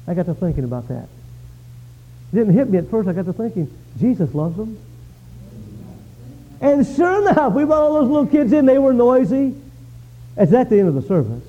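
High-pitched preacher guy, goes quiet then shouts, kinda muffled recording. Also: brisk, long pauses. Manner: animated storytelling, swings from quiet to shouting. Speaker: pastor. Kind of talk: sermon. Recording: dull lo-fi sound.

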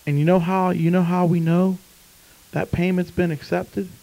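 A man's voice: high-pitched, flat delivery, normal speed, gravelly, dark tone, low-quality recording. A man preaching a sermon, telling a story and then fervently urging listeners to come to faith. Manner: storytelling, then fervent pleading altar call.

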